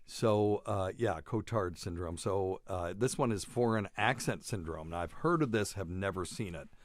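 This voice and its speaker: A man hosting a loose medical chat show, with a fairly low voice. He rambles and jokes, laughing at his own asides. The sound is close and dry, with no room in it. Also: moderate pace, no room sound. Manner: joking, rambling, laughs often. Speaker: podcast host, doctor. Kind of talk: casual chat.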